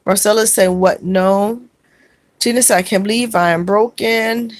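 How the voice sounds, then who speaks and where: Soft-spoken woman reading chat aloud. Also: medium pitch, fairly even intonation, no room sound. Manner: soft-spoken, halting, many fillers and restarts. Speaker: livestream host. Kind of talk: casual livestream, reading chat comments aloud.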